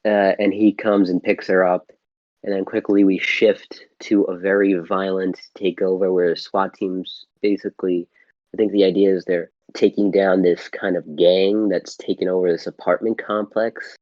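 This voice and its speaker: A man's voice: low-pitched, level tone, normal speed, no room sound, muffled recording. A man co-hosting a podcast, rambling casually through a movie plot and swearing freely. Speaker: podcast co-host. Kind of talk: casual film-review chat.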